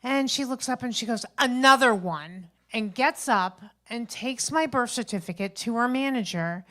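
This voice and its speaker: A woman's voice: on the high side, normal speed. Grandmother doing chatty stand-up storytelling. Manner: chatty, animated retelling with acted-out quotes. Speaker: stand-up comedian. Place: open mic stage at a local venue.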